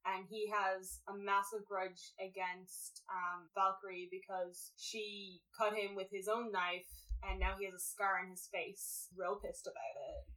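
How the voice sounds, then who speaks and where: A woman in casual chat, retelling a story in a rambling, animated way and acting out quotes. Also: medium pitch, a little slow, few pauses, distant mic, low-quality recording. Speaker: podcast co-host summarizing a book series.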